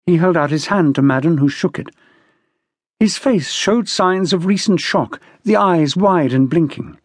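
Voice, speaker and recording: A man reading an unabridged mystery novel as audiobook narrator in a measured, expressive manner. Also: on the high side, no echo, clean studio sound. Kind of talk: scripted narration.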